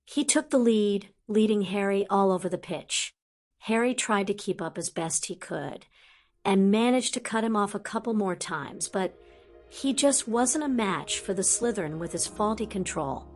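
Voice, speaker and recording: A woman reading a fantasy audiobook aloud in a lively storytelling manner. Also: medium pitch, moderate pace, soft background music. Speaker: audiobook narrator. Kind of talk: scripted audiobook narration.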